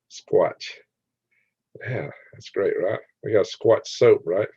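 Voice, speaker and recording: A man's voice: lowish voice, dark tone, husky, no echo. A man hosting a late-night livestream, joking, laughing often and reading chat comments aloud. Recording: dry, slightly dull sound.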